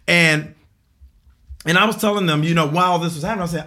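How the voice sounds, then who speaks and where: Animated man in his forties telling a story. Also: on the high side, brisk. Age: 40s. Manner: animated, acts out quoted voices, laughs while telling. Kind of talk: casual storytelling on a podcast panel.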